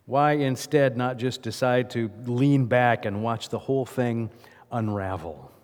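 A man's voice: medium pitch, unhurried. Male pastor, mid-range voice, chatty sermon with questions to the pews, long church reverb. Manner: conversational, asks the congregation questions. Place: church sanctuary.

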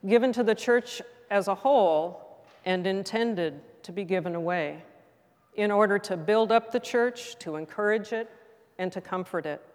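A middle-aged woman pastor preaching gently and reflectively, with a mid-range voice. Her words trail off into the long reverb of a church sanctuary. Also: medium pitch, moderate pace. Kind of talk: sermon.

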